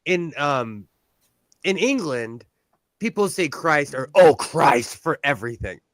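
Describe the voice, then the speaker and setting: A man with a bright, somewhat high voice, rambling in a self-deprecating way as he hosts a casual chat. The sound is dry and close to the mic. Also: sing-song, measured pace, dry recording. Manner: rambling, self-deprecating, many fillers and restarts. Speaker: host. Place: home sewing room. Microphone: on-camera shotgun mic.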